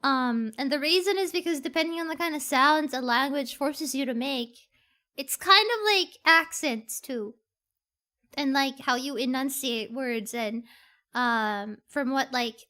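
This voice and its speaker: High, excitable woman streamer. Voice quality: rambling, animated, excitable. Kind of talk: excited gaming stream commentary. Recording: game music underneath.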